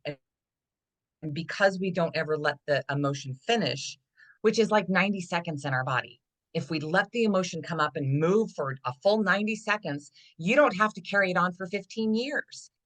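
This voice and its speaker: Low-voiced woman telling a story. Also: normal speed. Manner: animated storytelling, acting out dialogue. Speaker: guest, body trust coach. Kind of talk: casual podcast conversation.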